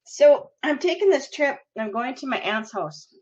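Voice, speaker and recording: Chatty woman podcast host, lively and giggly storyteller, on a lo-fi recording. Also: high-pitched, normal speed. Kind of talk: casual storytelling.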